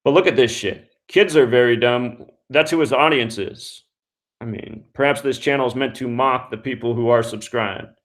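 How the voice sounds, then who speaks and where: A man's voice: medium pitch, moderate pace, fairly bright tone. Male call-in host, contemptuous, foul-mouthed, ranting. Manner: angry, scornful, swears constantly. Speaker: radio show host. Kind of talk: profane call-in show rant.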